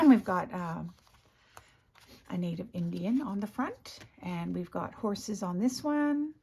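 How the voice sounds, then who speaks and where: A woman with a hoarse morning voice, chatting casually as she shows her craft work, often clearing her throat and correcting herself. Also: mid-range voice, expressive, slow pace, darkish tone. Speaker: craft video host. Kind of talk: casual crafting show-and-tell.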